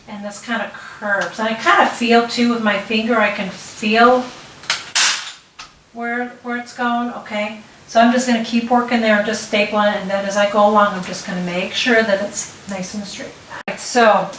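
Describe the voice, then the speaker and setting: A woman's voice: mid-range voice, steady tone, normal speed. A middle-aged woman hosting a casual step-by-step craft tutorial, talking while she works and checking in with "okay?". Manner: chatty, talks while working, frequent restarts and "okay?" check-ins. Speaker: DIY tutorial host. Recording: roomy, distant mic with faint noise.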